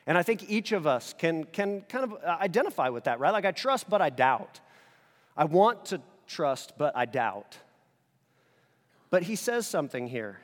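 Male pastor, conversational sermon delivery with loud peaks and hushed stretches; slightly higher pitch, recorded in a reverberant hall. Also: normal speed. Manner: animated preaching, swings between loud emphasis and quiet intensity; casual conversational asides.

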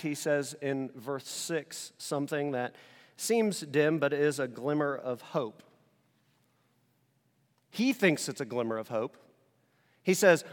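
A male pastor preaching a sermon in a conversational, animated way, alternating between loud emphasis and quiet, intense passages. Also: fairly high pitch, in a large hall. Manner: casual conversational asides.

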